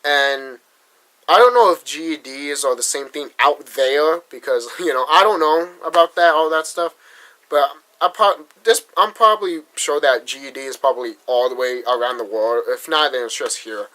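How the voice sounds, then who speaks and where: A man's voice: medium pitch, normal speed, bright, forceful tone, low-quality recording. A young man from Massachusetts venting in a casual vlog, talking bluntly and profanely with frequent restarts. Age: young adult. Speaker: vlogger. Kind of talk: frustrated vlog rant.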